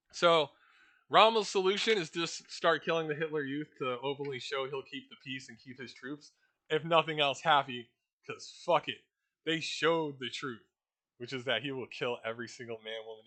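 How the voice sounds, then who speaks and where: A man's voice: on the high side, pushed and bright. A man giving a profane, rambling, casual explanation of a role-play setting.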